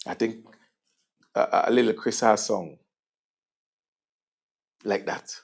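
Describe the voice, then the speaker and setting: A man with a Vincentian accent hosting a political talk show, sardonic and conversational, swinging between loud jabs and murmured asides. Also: lowish voice, takes it slowly, vocal fry. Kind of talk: political commentary.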